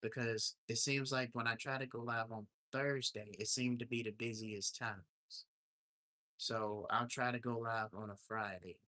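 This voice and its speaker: A man hosts his own livestream and tells a story with mounting indignation. His voice is bright and sharp, picked up close and dry with no room sound. He speaks at a middling pitch in a loose, casual ranting manner. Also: steady tone, a little slow, dry recording. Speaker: livestream host. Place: home in Alaska.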